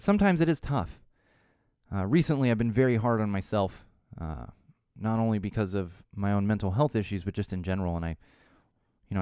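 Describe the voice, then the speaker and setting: Animated ranting male podcast host. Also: lowish voice, clean tone, dry recording, studio quality. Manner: animated, ranting, mocking voices. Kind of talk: solo podcast monologue.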